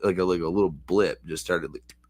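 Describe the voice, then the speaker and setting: Man, podcast host, low-pitched, laid-back, swears a lot, casual chat. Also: a little fast, a little mellow.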